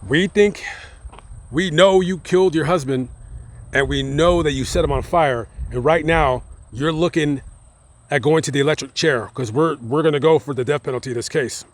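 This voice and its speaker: A man voicing a blunt sheriff's detective in a low, matter-of-fact tone. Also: moderate pace, close to an everyday voice. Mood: stern. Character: blunt male sheriff's detective, middle-aged.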